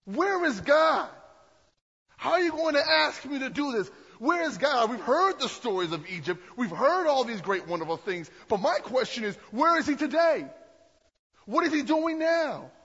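A man's voice: very high voice, sing-song, moderate pace, a bit bright, breathy edge, full character voice. A male preacher voicing a frustrated young farmer who pleads and questions God, told as sermon storytelling. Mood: exasperated. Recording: long hall echo, dull lo-fi sound.

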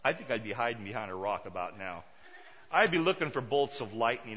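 Emphatic preacher, bright, in a reverberant hall. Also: male voice, mid-range voice, big pitch swings, normal speed, long pauses, husky. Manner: emphatic, rhetorical questions to the congregation. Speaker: pastor. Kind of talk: sermon. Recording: dull sound with long hall reverb.

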